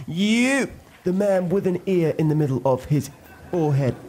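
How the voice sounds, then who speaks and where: A man impersonating a sardonic television debate presenter in a comedy sketch, speaking briskly and emphatically. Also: sits high, lively intonation, darkish tone, pitched above the performer's own voice. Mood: mocking. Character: pompous male debate-show presenter. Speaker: impression of a TV presenter.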